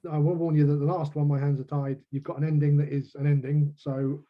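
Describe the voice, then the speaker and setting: Man, brisk chatty talk, self-deprecating, muffled video-call sound. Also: fairly high pitch, level tone. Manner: chatty, self-deprecating, laughs at his own jokes. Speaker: crime novelist guest. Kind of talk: casual video-call chat.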